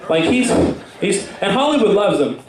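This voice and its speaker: A man's voice: high-pitched, very animated, normal speed. A young man doing a stand-up comedy set, rambling and self-mocking with lots of fillers, recorded far off in an echoey club.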